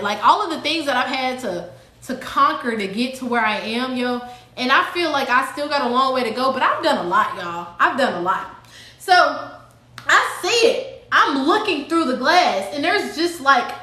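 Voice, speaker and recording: A woman telling a dramatic story to her live viewers in a casual, animated way, acting out what people said. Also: high-pitched, roomy sound. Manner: animated, dramatic retelling with acted-out quotes. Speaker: live-stream host.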